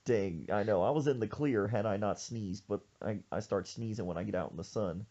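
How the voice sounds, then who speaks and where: A man hosting a podcast, telling a story in an animated, jokey way. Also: lowish voice, brisk, muffled recording. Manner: animated, jokey, acts out quoted voices. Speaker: podcast host. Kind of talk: casual storytelling chat.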